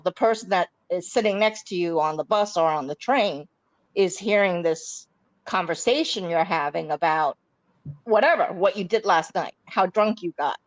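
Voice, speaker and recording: Low-voiced woman on a dull line. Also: dry recording. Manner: deliberate, explaining with restarts. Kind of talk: casual chat.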